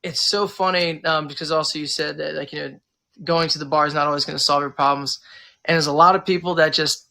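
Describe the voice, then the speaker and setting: Gravelly bright-voiced American man. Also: a little high, brisk. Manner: rambling, animated, acts out customers. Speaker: pub owner and manager. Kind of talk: casual interview chat.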